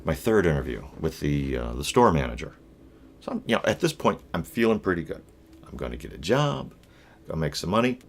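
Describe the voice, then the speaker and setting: A middle-aged man vlogging, telling a rambling personal story in a blunt, profane way with wry asides and lots of halting restarts. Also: rumbling low, vocal fry. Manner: halting, with many fillers and restarts.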